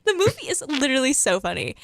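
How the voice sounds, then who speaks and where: A woman's voice: high voice, very animated, fast, background noise. A teenage girl chatting casually about a movie she loved, laughing often and saying "like" constantly.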